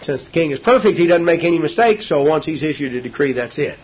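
A man's voice: fairly high pitch, animated, fast talker, husky. A male preacher telling a scripture story in a sermon, with a folksy, homely storytelling manner. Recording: dull lo-fi recording.

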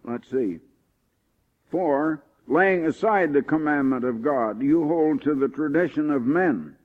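Male preacher, emphatic sermon delivery, slightly high voice, tinny lo-fi recording. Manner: emphatic, rising on key points, slows for scripture. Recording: tinny phone-like old recording.

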